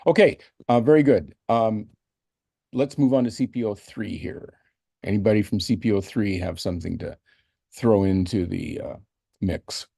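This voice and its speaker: A man chairing a community meeting, speaking haltingly with many pauses and fillers. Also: lowish voice, fairly even intonation, creaky, mellow, slightly rough, no echo, studio quality.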